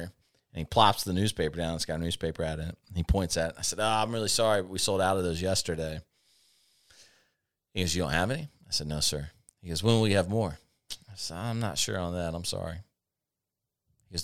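On his laid-back talk show, a male podcast host laughs a lot while spinning sardonic tales from a former job in casual chat. He speaks a little fast in a low voice with a fairly bright tone.

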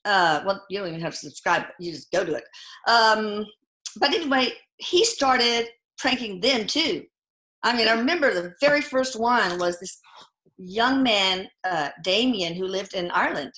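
A middle-aged woman telling personal stories in a casual interview, halting often with fillers and restarts. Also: medium pitch, animated, fairly bright tone. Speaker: guest. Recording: echoey room.

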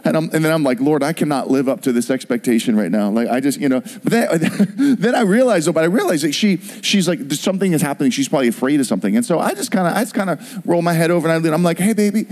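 A middle-aged man preaching a sermon, telling a personal story with animated storytelling and acted-out voices. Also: fairly high pitch, fast. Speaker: pastor.

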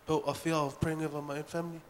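A man in the congregation asking his pastor a question in a hesitant, halting way. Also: on the high side, little pitch movement, a little hiss or hum. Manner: hesitant, halting, soft-spoken. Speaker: church member asking a question.

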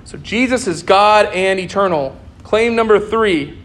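A man's voice: high-pitched, measured pace, a bit bright. A young man preaching a sermon in an earnest way, repeating key phrases for emphasis.

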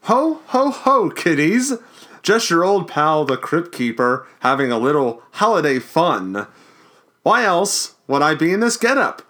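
A man's voice: a little high, very animated, bright, forceful tone, exaggerated voice. A man doing a dramatic reading as a cackling, punning ghoul who hosts horror tales. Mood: gleeful. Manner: hammy, punning, drawn-out delivery. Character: cackling ghoulish male crypt keeper host.

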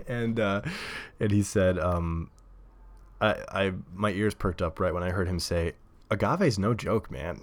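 Low-voiced rambling podcast guy. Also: steady tone, measured pace, long pauses. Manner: rambling, laughs often, lots of fillers. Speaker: podcast host. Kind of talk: casual solo podcast monologue. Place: home recording setup at a table. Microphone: desk podcast mic.

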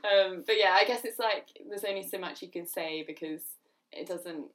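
A woman's voice: lowish voice, moderate pace, far from the mic. A young woman from the UK hosting a casual chat, laughing often as she talks. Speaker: host.

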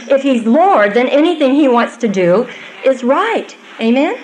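A woman's voice: on the high side, big pitch swings, unhurried, darkish tone, slight background noise, poor audio. Earnest older woman teaching scripture. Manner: earnest and conversational, with asides. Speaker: women's Bible teacher. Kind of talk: Bible teaching talk.

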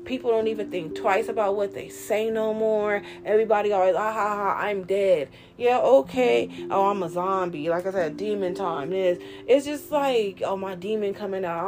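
A woman hosting a casual commentary chat, animated and slangy, ranting and mocking people in quoted voices. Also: fairly high pitch. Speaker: host.

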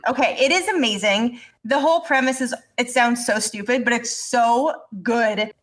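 A woman co-hosting a podcast in casual chat, animated and swearing as she rants and laughs. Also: on the high side, moderate pace. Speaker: podcast co-host.

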